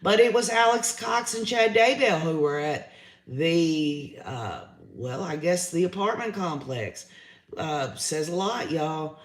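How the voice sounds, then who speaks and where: A man's voice: a little high, lively intonation, slow, reverberant. A man, hosting a livestream, giving his opinions in a chatty way and reading out viewer comments. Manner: chatty, opinionated, says y'all often. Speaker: livestream host reading chat.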